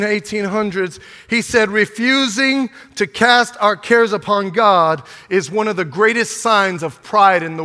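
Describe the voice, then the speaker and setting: A man's voice: high-pitched, bright, forceful tone. Older male pastor preaching fervently. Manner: fervent, repeats words, calls for congregation response. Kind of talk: sermon with opening prayer. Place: church sanctuary. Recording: long reverb of a hall.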